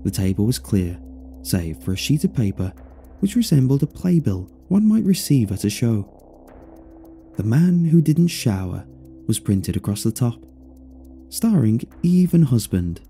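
A man narrating a first-person story in an expressive, dryly amused way. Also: medium pitch, normal speed, soft background music.

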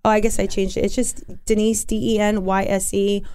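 Young woman guest, mid-pitched, rambling casual storyteller, lots of fillers and restarts. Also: level tone, a little fast, mellow, smooth.

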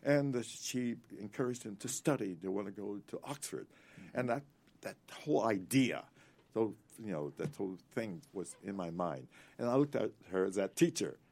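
An elderly man in his eighties with a very deep, gravelly voice, spinning long, rambling anecdotes as an interview guest. He talks in an animated way and breaks into laughter between stories. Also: normal speed. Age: 80s. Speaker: actor guest.

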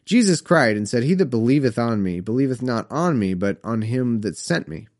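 A man's voice: medium pitch, very animated, normal speed, a little mellow. A man reading scripture aloud and breaking off into wry, joking asides. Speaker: Bible reader and commentator.

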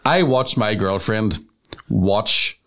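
A man's voice: fairly low pitch, slow pace. A man co-hosting a casual comedy chat, jokey and swearing freely. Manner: animated, jokey, swearing, does silly voices. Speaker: podcast co-host.

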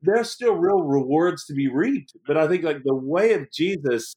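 A male podcast host speaks in a reflective, affirming way. His delivery is conversational and measured. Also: fairly high pitch, animated, a little mellow, low-quality recording. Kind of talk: casual conversation.

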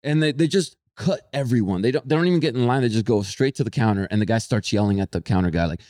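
A young man on a podcast tells a story with lots of energy, swearing freely and raising his voice to play people who shout. His voice is middle in pitch. It sounds close to the mic in a dry room with no echo. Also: fast. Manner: animated, swearing, acts out shouting people in a raised voice. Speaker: podcast co-host. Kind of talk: casual storytelling chat.

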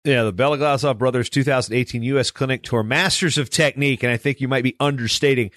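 A man's voice: mid-range voice, fast, fairly bright tone, no room sound, studio quality. Chatty man hosting an interview. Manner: chatty, rambling storyteller. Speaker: podcast host. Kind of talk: conversational interview.

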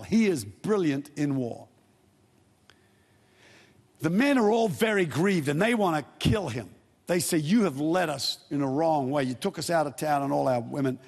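Husky-voiced man preaching in a hall. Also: on the high side. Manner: storytelling, retells scripture in casual modern words. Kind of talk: sermon.

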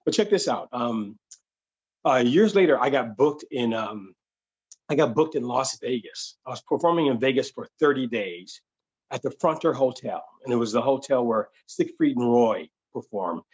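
A man spins a comic story in a stand-up storytelling style, slipping into voices as he acts out the people in it. His voice is husky and a little breathy. The recording sounds somewhat dull and muffled. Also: medium pitch, animated, normal speed. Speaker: stand-up comedian.

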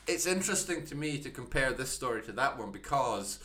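Bright-voiced Scottish man, critical podcast talk. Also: medium pitch, expressive, a little fast. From Scotland. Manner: critical, thoughtful, frequent restarts. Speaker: podcast co-host. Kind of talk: casual discussion podcast.

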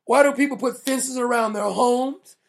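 A man's voice: very high-pitched, moderate pace, creaky. A man hosting a political commentary show, mocking and blunt, laughing at his own jokes. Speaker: show host.

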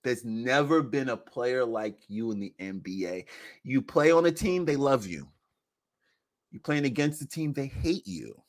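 Animated man talking basketball. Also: medium pitch, measured pace. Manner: animated, laughing, acts out quotes. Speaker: basketball podcast talker. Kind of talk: casual sports chat.

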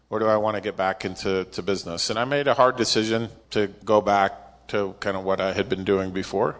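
Middle aged guy, lowish voice, chatty interview guest telling a story, pokes fun at himself. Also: long reverb tail. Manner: self-deprecating, animated when recounting dialogue. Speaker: interview guest, company executive. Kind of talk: conversational storytelling.

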